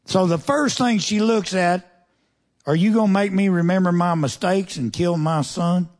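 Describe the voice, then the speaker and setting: Folksy preacher with a twang. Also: male voice, high voice, normal speed. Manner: reads scripture then comments in a folksy, conversational way; asks the congregation pointed questions. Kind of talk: sermon.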